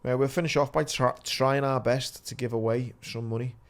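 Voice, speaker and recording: A man's voice: mid-range voice, steady tone, normal speed. A man hosting a casual sports podcast, slangy and easygoing, calling people lad. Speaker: podcast host.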